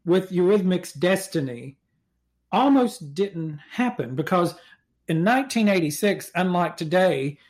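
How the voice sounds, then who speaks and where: A man hosting an interview, asking earnest questions in a halting way. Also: sits high, lively intonation, a little mellow. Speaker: podcast host. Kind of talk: interviewing a guest.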